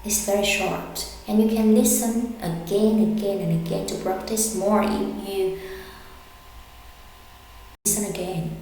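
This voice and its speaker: A woman teaching an English lesson, slow and deliberate, repeating words for her learners. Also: medium pitch, fairly even intonation, mellow. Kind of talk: language lesson. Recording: echoey hall with faint hum.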